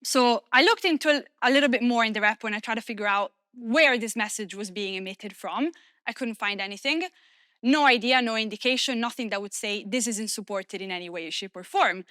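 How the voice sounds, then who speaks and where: A woman whose first language is Italian, giving a lively, self-deprecating conference talk in English with many fillers. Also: a little high, fairly quick, no echo, studio quality. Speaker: conference speaker.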